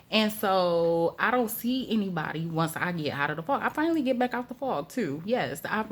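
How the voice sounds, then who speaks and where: A woman with a somewhat low voice narrates a storytime vlog in a casual, chatty way. She talks in animated, slangy phrases and repeats herself for emphasis. She laughs now and then. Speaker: storytime vlogger.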